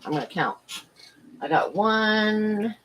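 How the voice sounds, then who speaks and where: A woman's voice: medium pitch, lively intonation, slow, fairly bright tone. A middle-aged woman rambling through a story on her livestream and answering chat in between. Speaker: livestream host.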